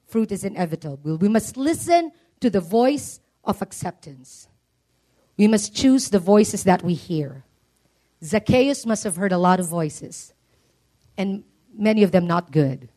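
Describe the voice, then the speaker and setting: A woman preaching a sermon, rising to high, emphatic peaks. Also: a little mellow.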